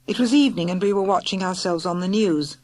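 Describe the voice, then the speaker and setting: A woman narrating a children's audiobook in a lively, clear storytelling manner. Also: lowish voice, fast talker, no room sound. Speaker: audiobook reader.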